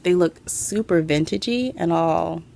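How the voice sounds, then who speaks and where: A woman hosting a craft podcast from home, chatting to camera in an excitable, rambling way and a little out of breath. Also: fairly low pitch, measured pace, vocal fry. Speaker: podcast host. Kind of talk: casual chat to camera. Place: home room.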